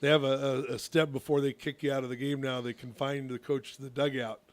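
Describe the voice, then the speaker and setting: A middle-aged man co-hosting a radio talk show as a youth sports coach, chatty and telling stories, growing loud when he gets going. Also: mid-range voice, level tone, a little fast.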